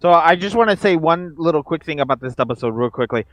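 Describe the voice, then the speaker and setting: A man's voice: fairly high pitch, animated, fast, a bit bright, rough recording. A man in a casual group call, telling a rambling anecdote about his voice acting. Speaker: voice actor.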